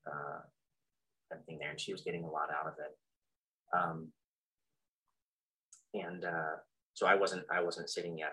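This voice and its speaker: A middle-aged man telling a personal story in a halting, reflective way, full of fillers and restarts, with soft self-deprecating chuckles. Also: low voice, low-quality recording. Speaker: practitioner sharing his story.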